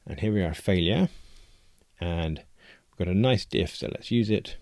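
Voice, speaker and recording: A man's voice: deep voice, animated, normal speed, a little mellow, no echo. A man hosting a programming tutorial, thinking aloud in a conversational, explanatory way as he walks through code on a close desk mic. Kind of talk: screencast coding walkthrough.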